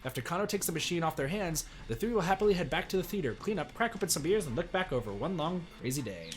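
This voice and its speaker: A man streaming a visual novel, reading its text aloud in an animated way and shouting excited reactions between lines. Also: a little high, fast talker, faint music behind.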